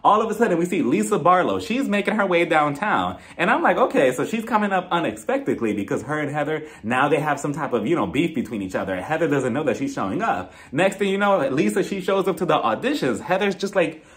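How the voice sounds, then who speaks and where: A man's voice: a little high, expressive, a little fast, few pauses, fairly bright tone. Gossipy man recapping reality TV. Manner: chatty, gossipy, laughs at own jokes. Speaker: reality TV reviewer. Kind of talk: casual recap commentary.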